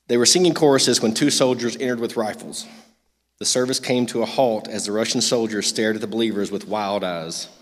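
Long hall reverb colors the recording of a man with a lowish voice at a normal pace. Leading a youth group in a church meeting room, he rambles through announcements packed with fillers and then reads out a devotional.

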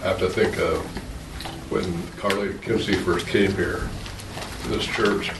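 Older man from the audience, low voice, off-mic, echoey room. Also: steady tone. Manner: slow, hesitant, thoughtful. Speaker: church member answering from the group. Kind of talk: casual remarks from the audience. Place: church meeting room. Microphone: distant, off-mic. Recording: distant voice in an echoey room, clear background noise.

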